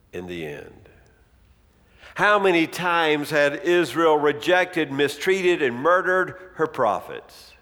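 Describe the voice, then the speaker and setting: A man's voice: a little high, a bit bright. A man preaching an expository sermon with a dramatic, rhetorical delivery. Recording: long reverb of a large hall.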